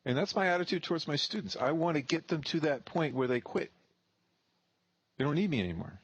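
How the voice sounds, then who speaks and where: A man's voice: on the high side, lively intonation, brisk, slightly rough, no echo, highs cut off. A man in his thirties, a real estate investor telling a blunt, profane story and acting out both sides of the dialogue. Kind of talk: casual storytelling.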